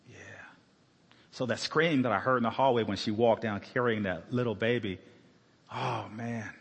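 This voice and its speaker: A man, a former police officer, telling a personal story during a church sermon in an earnest, halting way with many restarts. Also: mid-range voice. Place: church sanctuary. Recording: husky voice in a reverberant church.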